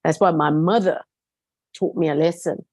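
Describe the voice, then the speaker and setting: A woman's voice: low-pitched, fairly even intonation, normal speed, a little mellow, no room sound. Woman guest, earnest and emphatic testimony, leans on repeated words, dry close recording. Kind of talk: heartfelt personal testimony in a conversation.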